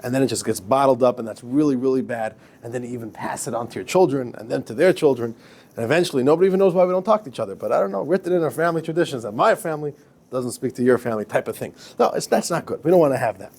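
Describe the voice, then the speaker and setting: A man, a rabbi, lecturing a class in a lively, chatty way, often repeating himself and laughing at his own stories. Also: mid-range voice, rapid-fire. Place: classroom with students.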